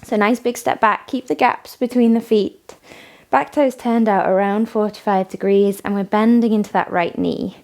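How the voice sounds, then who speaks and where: A woman leading a morning yoga class, giving calm step-by-step cues and frequent praise. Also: mid-range voice, normal speed. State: has the hiccups. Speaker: yoga instructor. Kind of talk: guided yoga class instruction.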